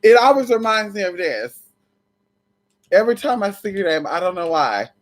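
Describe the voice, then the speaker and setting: A sassy livestream host who chats casually and greets viewers one by one, voice sitting in a middle pitch. The talk is loose and profane, full of endearments and asides. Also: big pitch swings, normal speed. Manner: swears freely. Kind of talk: casual live chat.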